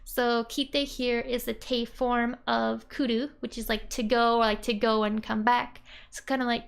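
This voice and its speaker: A young woman giving a casual, chatty language lesson. She says "like" often and laughs softly between points. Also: a little high, level tone, a little slow, vocal fry. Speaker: Japanese language teacher.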